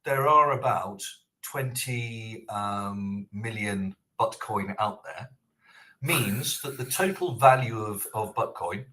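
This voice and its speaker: A man co-hosting a podcast, chatty and opinionated, quick with a joke. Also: medium pitch, fairly bright tone, low-quality recording. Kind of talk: casual podcast chat.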